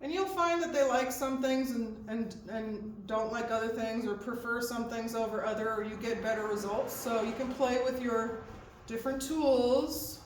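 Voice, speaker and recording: A woman's voice: a little high, fairly even intonation, moderate pace. A woman horse trainer giving hands-on instruction, explaining each step and checking in with "okay?" as she goes. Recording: echoey, distant mic with faint background noise.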